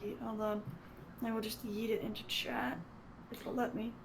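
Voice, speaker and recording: A woman guest on a podcast, chatting casually in a playful, apologetic way with quick giggles. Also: on the high side, flat delivery, creaky, background noise.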